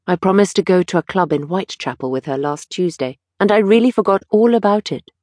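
A woman voicing an eager, petulant young gentleman in an audiobook, with lively, pleading delivery. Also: on the low side, brisk, no echo, studio quality, natural voice.

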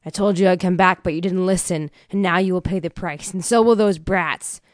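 A woman's voice: lowish voice, moderate pace, dry recording, clean studio sound, lightly acted. A woman voicing a brutal, taunting hitman. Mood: threatening. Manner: taunting, threatening. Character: brutal menacing male hitman.

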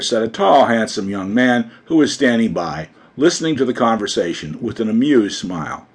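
A man narrating a classic story for an audiobook, reading in an expressive, theatrical way. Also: on the low side, normal speed, few pauses, husky.

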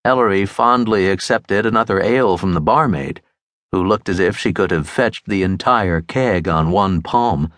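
A man narrating a mystery audiobook in a crisp, expressive storytelling manner. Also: sits low, moderate pace, no echo, clean studio sound. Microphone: close studio mic.

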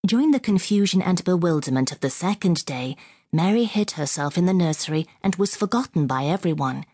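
Woman audiobook narrator, low voice, measured storytelling, dry close studio sound. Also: animated, dark tone, slightly rough, no echo. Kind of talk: scripted narration of a classic novel. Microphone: close studio mic.

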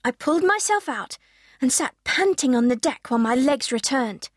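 A woman's voice: high voice, lively intonation, normal speed, no room sound, studio quality. A woman narrating a children's audiobook in the first person, telling it expressively.

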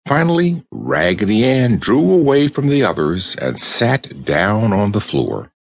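A man narrating a children's storybook audiobook with expressive storytelling. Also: mid-range voice, unhurried, vocal fry.

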